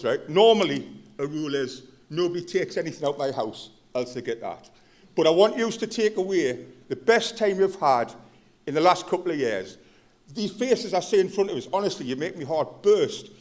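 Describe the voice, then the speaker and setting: A man's voice: mid-range voice, expressive, brisk, a little mellow. A Geordie man from Gateshead, a chief fire officer, giving a rambling, jokey welcome speech in a hotel function room. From Gateshead, North East England.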